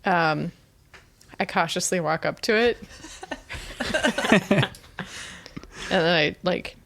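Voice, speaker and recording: A woman's voice: fairly low pitch, slow pace, gravelly, noisy background. A woman playing a tabletop game, giggly and self-deprecating. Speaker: player. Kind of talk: casual tabletop game play.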